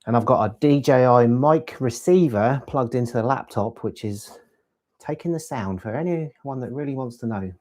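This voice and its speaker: A man's voice: medium pitch, moderate pace, darkish tone. A man hosting a casual live stream, chatting in a rambling way and answering viewers' questions about gear. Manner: rambling, chatty, reads chat aloud. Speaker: LEGO channel host.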